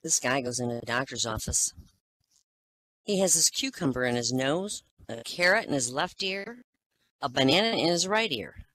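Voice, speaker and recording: A woman's voice: very deep voice, animated, normal speed, fairly bright tone. A woman telling a string of jokes, laughing at her own punchlines and jumping into character voices. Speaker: joke teller. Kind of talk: telling jokes to a live audience.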